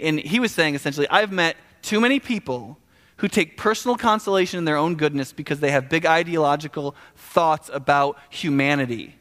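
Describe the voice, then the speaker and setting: A man preaching a sermon in a casual, animated, conversational way, often restarting sentences and adding asides. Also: a little high. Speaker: pastor. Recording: echoey hall with long reverb.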